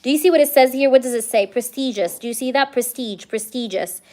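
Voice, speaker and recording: A woman's voice: high voice, fast, a little mellow. A young woman giving a live-streamed tarot reading, chatty and reassuring, filling her talk with "um" and "okay?" checks. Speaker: tarot reader.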